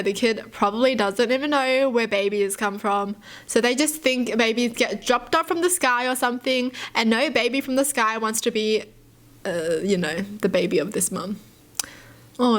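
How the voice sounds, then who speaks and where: A woman who is a YouTuber reads stories aloud and reacts to them in an emotive, sympathetic, chatty way, with gasps, sighs and lots of "you know". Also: fairly high pitch. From Australia.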